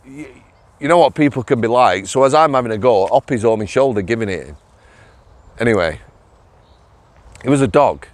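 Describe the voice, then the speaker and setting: A man's voice: medium pitch, animated, a little fast, pauses often. A man telling a workplace story in a casual, chatty monologue, often laughing and asking "yeah?". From England. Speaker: former prison officer vlogger.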